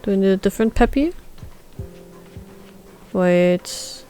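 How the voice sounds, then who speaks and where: Woman streaming, reads all the game text out loud, goofy, medium pitch. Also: takes it slowly, soft background music. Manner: playful, reads all the dialogue aloud and barks for the dog. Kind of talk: reading game text aloud while playing.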